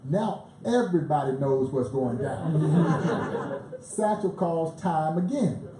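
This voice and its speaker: A man, a museum president, telling lively baseball stories as a guest at a live panel, chuckling as he goes. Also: a little high, slow pace. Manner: animated storyteller who chuckles through his tales. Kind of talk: lively anecdotal storytelling on stage. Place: live event in a bar venue. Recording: echoey live venue, faint background noise.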